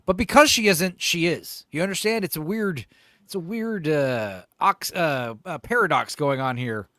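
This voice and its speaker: A man's voice: on the high side, expressive, normal speed, sharp tone, no echo, clean studio sound. A man hosting a livestream in casual chat, jokey and profane, rambling between topics. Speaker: livestream host. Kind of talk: casual chat reacting to a video.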